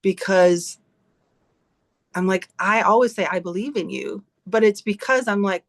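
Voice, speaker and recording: On a video call, a woman who leads a team in direct sales gives her team a blunt, emphatic pep talk packed with swearing. Her voice is medium-pitched and unhurried.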